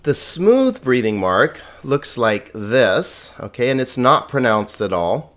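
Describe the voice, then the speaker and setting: A middle-aged man giving a recorded lesson, explaining slides in a relaxed way with plain words and small jokes. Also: medium pitch, takes it slowly. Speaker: Greek teacher.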